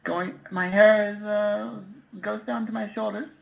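A man's voice: high-pitched, fairly even intonation, a little slow, creaky, heavily acted, rough recording. A man voicing a nervous young woman in her twenties on a prank call, giggling and hesitant with many ums. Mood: nervous giggly.

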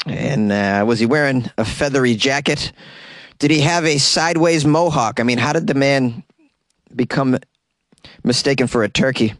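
Recorded in a small closet yet with clean studio sound and no echo, a man with a medium-pitched voice hosts a comedy news podcast. He reads stories aloud and breaks off into sarcastic rants.

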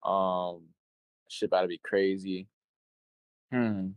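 A man's voice: deep voice, little pitch movement, takes it slowly, clean tone, no echo. Young man telling rambling stories, dry sound. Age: young adult. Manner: rambling storyteller, swears freely, acts out quotes. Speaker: interview guest, show promoter. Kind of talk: casual conversation.

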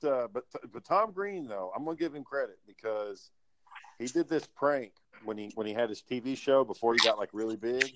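A man's voice: mid-range voice, a little hiss or hum, low-quality recording. A man telling stories in a casual chat, swearing freely and acting out what others said. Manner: storytelling, profane, acts out quotes.

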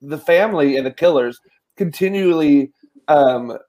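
Relaxed guy cohost, cheerful, kinda high voice, talking movies. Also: a little slow, low-quality recording. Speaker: podcast co-host. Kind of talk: casual film discussion.

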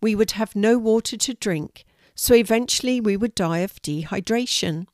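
A woman's voice: mid-range voice, moderate pace, darkish tone, no room sound, pitched above the performer's own voice, lightly acted. A wise, patient female guide from a children's story, voiced by a woman reading aloud. She explains things steadily and kindly, like a teacher. The recording is dry and close. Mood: explaining.

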